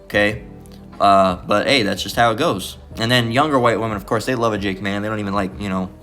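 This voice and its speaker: A man's voice: fairly low pitch, a little fast, fairly bright tone. Rambling preacher man, faint guitar behind. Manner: rambling, restarts, repeated "all right?" tags. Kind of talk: informal bible teaching.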